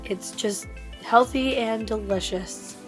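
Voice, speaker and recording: Casual vlogger, woman, raspy from laryngitis, higher voice, light music bed. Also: slow. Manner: chatty, enthusiastic, many fillers. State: hoarse from laryngitis. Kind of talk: casual shopping vlog voiceover.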